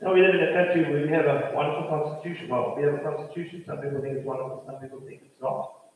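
A man's voice: on the high side, rapid-fire, slight background noise. A man preaching a sermon as pastor, building his points through rhythmic repetition, recorded from a distance in a church. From South Africa. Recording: roomy church hall from a distant mic.

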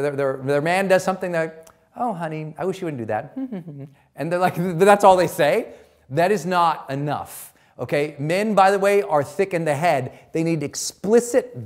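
A middle-aged man giving an emphatic motivational talk as a personal growth coach, repeating his key points. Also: fairly high pitch.

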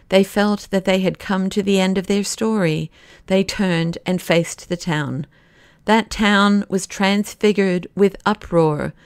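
A woman narrating a classic novel as an audiobook, in a measured delivery that slows down for the dramatic passages. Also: lowish voice, clear, resonant tone, dry recording, studio quality.

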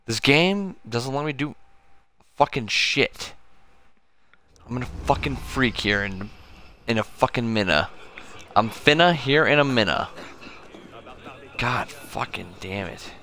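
A drunk man streaming a game, talking slowly and irritably, swearing all the time as he comments on play. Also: medium pitch, expressive, bright, forceful tone. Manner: slow, slurred, irritable, swearing constantly. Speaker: gaming streamer. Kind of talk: profane drunk gameplay commentary.

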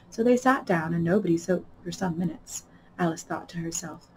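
A woman reading a children's story aloud for a library storytime, with expressive, animated delivery. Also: fairly low pitch, brisk, a little hiss or hum, poor audio.

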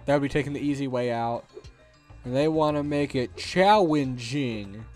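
A man's voice: medium pitch, moderate pace, a little mellow, faint music behind. A man hosting a let's play, rambling through gameplay commentary with sarcastic, jokey asides.

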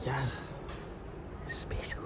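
A man's voice: very slow, in a whisper. A young man, rambling casually and swearing freely in a vlog. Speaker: vlogger. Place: in a car, then inside a store.

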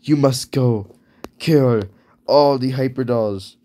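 A man's voice: medium pitch, slow pace, mellow, voice pushed up, lightly acted. A man voicing a grumpy king who growls and blusters in a doodle story. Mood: grumbling.

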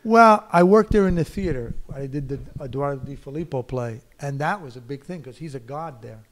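A man's voice: on the high side, fairly quick. A man from the United States, a film director and actor, talking animatedly as a guest in an onstage conversation, full of "you know" and laughter.

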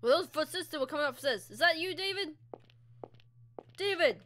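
Young woman gamer, high crisp voice, excitable, reads in-game dialogue aloud. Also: moderate pace. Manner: excitable, reacting aloud, reading character lines. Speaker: let's play gamer. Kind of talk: casual gameplay commentary reading dialogue aloud.

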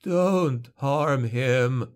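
Man doing a frail old patriarch, dry raspy, slow, pleading, audiobook. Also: mid-range voice. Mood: imploring. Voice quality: dry rasp. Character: wasted, ashamed old male patriarch.

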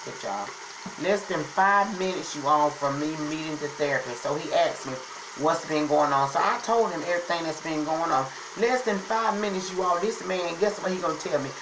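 Woman vlogger, low-pitched, recorded in a roomy echoey space at home, talks in a lively testifying way. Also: normal speed, background noise. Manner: chatty, testifying, often says "y'all". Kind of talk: casual storytelling to camera.

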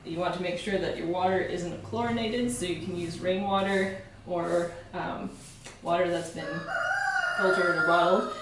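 A woman walks through a home demonstration in a relaxed, explanatory way, pausing on fillers and restarting phrases. Her voice sits a little off the mic in a strongly echoing kitchen. Faint room noise hangs underneath. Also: medium pitch, recorded from a distance. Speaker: soap-making instructor. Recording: very echoey room, voice from away from the mic.

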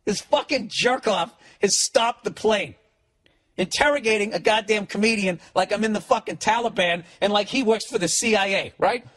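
Brief: comedian in a mocking, cursing rant, fairly high voice, lively delivery. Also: male voice, moderate pace. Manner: animated, swearing constantly, mocking. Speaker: comedian and podcast host. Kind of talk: profane comic storytelling rant.

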